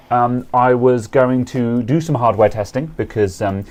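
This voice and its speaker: A man's voice: mid-range voice, a little slow, a little mellow. A man co-hosting a casual tech chat stream, rambling with frequent ums and restarts. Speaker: co-host of a tech talk stream.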